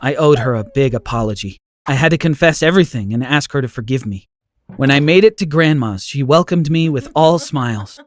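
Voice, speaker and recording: A male text-to-speech voice reading a first-person story with an even, expressive delivery. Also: mid-range voice, brisk, no echo. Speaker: story narrator.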